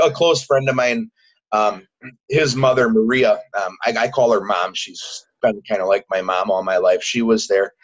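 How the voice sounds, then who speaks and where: A man telling a personal story as a guest in a casual interview, halting and repeating words, acting out what people said. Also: medium pitch. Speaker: podcast guest. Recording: dull lo-fi recording.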